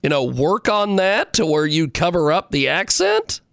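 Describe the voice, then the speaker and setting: A man hosting a talk show, stammering and halting as he interviews a guest. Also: fairly high pitch, huge pitch swings, vocal fry, fairly bright tone, dry recording, studio quality. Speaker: host.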